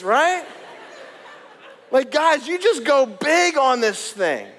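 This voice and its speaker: A man preaching a sermon, animated and joking as he calls out to the congregation. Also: very high voice, slow pace, slight background noise. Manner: animated, jokey, calls out to the crowd. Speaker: pastor. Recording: long hall reverb.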